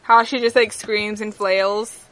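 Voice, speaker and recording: Bright, dry-sounding young woman gushing. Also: medium pitch, flat delivery, takes it slowly, no room sound. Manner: gushing, filler-heavy recounting of favorite moments. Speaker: podcast co-host. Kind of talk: casual chat.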